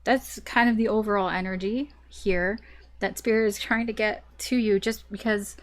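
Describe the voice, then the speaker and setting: A woman doing a casual tarot reading, chatty and animated, who laughs often and swears casually. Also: mid-range voice, moderate pace. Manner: animated storytelling. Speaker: tarot reader.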